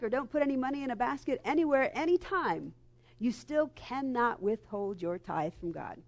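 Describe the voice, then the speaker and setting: A middle-aged woman preaches to a congregation through a live microphone, her voice sitting a little high. She talks in a lively, chatty way and slips into the voices of the people in her stories. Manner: lively and conversational, acts out quoted voices. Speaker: guest minister. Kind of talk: sermon with storytelling. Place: church sanctuary before a congregation.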